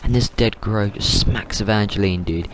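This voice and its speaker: A man's voice: on the low side, normal speed. A man host telling a story in a casual, rambling way while gaming, repeating words and saying dude a lot, on a noisy mic with clicks.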